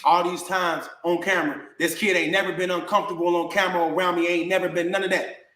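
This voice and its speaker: A man with a high voice rants at the camera and takes his critics head on. He keeps it slangy and says "bro" over and over. He is recorded in a room with a lot of echo. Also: level tone, fast talker, sharp tone. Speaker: vlogger answering critics. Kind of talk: heated rant to camera. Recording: echoey room.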